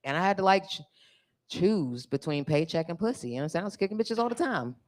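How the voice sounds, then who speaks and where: A woman's voice: lowish voice, animated, quick pace. Brash, bawdy woman comic. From California. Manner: bawdy, brash, teases the crowd directly. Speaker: stand-up comedian. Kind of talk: live stand-up routine. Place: live comedy stage.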